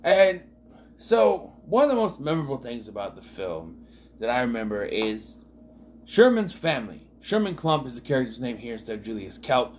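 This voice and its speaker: A man talking through a film review in a loose, rambling way, stopping and restarting his thoughts. His voice sits at a middle pitch, with faint noise behind him. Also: sing-song, moderate pace, a little mellow. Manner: rambling, many restarts and fillers. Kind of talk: casual film review vlog.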